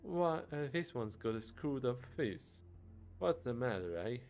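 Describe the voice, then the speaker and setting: A man voicing a surly, taunting male centaur bouncer in a game, loud and mocking. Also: mid-range voice, big pitch swings, unhurried.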